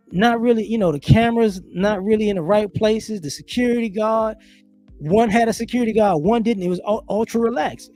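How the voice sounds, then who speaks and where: A man hosting a live stream, telling stories and giving his opinions in casual commentary, acting out other people's lines as he goes. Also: high-pitched. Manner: animated storytelling with voiced asides. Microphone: home streaming setup.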